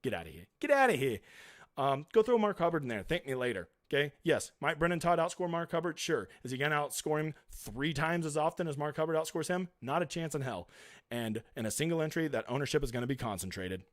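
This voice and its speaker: A man's voice: fairly high pitch, lively intonation, fast talker, no echo, studio quality. A man hosting a casual live stream, reading viewer comments aloud and answering them in a chatty, blunt, emphatic way.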